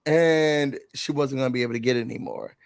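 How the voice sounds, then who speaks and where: A man co-hosting a casual TV recap show, animated, acting out quotes in a raised voice. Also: mid-range voice, a little fast, creaky.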